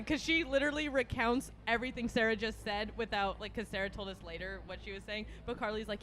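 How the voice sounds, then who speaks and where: High-voiced woman telling a party story. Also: fast talker, few pauses, slight background noise. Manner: animated storyteller, acts out quotes, laughs often. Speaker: podcast host. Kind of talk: casual storytelling chat.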